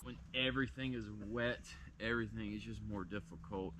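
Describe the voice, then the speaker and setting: A man's voice: fairly low pitch, a little fast, bright, forceful tone, a little hiss or hum. Tired Southern man vlogging on a trail. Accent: Southern American. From southern United States. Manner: chatty, talking to the camera while hiking. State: tired and sore from a long hike. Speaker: hiking vlogger. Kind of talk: casual vlog narration on the trail. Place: outdoor forest hiking trail.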